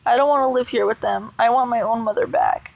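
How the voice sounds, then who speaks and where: A woman's voice: fairly high pitch, fairly quick, gravelly, a little mellow, lo-fi sound. A woman reading as a sulky spoiled little girl. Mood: sulky whining. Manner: whiny, pouting.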